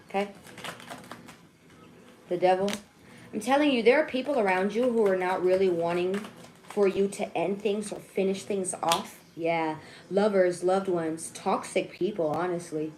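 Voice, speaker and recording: A chatty young woman talks viewers through a tarot spread in a loose, playful way, with a voice of middling pitch. She swears freely, teases herself and keeps checking in with her listeners. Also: steady tone, unhurried, a little mellow, slight background noise. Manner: repeats "okay?" and "right?" to check in with viewers. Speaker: tarot reader. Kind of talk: casual tarot reading to camera.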